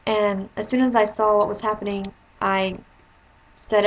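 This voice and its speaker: A woman who teaches, talking casually to camera as she tells a story and slips into higher voices to quote her pupils. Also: level tone, a little slow, poor audio. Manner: chatty, jumps into high voices when quoting kids.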